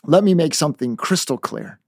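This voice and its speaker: A man's voice: on the high side, expressive, a little fast, vocal fry, a little mellow, breathy edge, no room sound, clean studio sound, exaggerated voice. A man voicing a stern mother who lays down a firm rule in a clipped way. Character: stern mother laying down the law.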